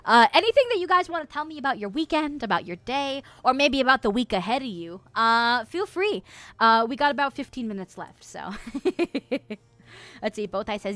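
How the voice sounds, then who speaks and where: A woman's voice: fairly high pitch, animated, normal speed, fairly bright tone, no room sound. Giggly woman streamer in dry close sound. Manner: giggly, rambling, swears freely, lots of fillers. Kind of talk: casual livestream chat. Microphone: streaming mic.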